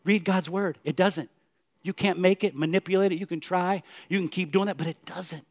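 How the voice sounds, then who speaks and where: A male pastor preaching a sermon in church, swinging from loud emphatic declarations to hushed, soft questions. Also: sits high, steady tone, normal speed.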